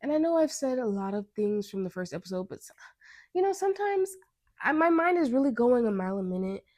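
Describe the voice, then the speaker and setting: A woman's voice: on the high side, sing-song, fast, a little mellow, dry recording, clean studio sound. A young American woman hosting her own podcast, talking through her thoughts in a rambling, earnest way, often cutting herself off mid-sentence. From United States. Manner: rambling, self-interrupting, earnest. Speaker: podcast host. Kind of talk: casual podcast monologue.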